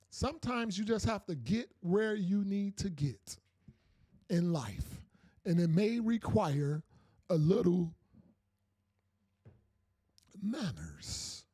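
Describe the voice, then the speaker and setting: High-voiced man hosting a chatty podcast. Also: a little mellow, no echo, clean studio sound. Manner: repetitive, loose, talks straight to viewers. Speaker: podcast host. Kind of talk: casual call-in podcast chat.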